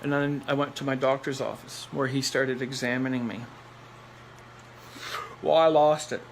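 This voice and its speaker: A man's voice: mid-range voice, little pitch movement, normal speed, vocal fry, poor audio. Man with a middle-range voice, telling a personal story bluntly, with faint noise behind him. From Nova Scotia, Canada. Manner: blunt, rambling, repeats phrases for emphasis; laughs between lines.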